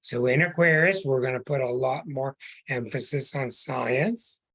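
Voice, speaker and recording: Male astrology host, slow and husky, earnest preacher's delivery with stretched words. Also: medium pitch, animated, a bit bright. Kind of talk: podcast monologue.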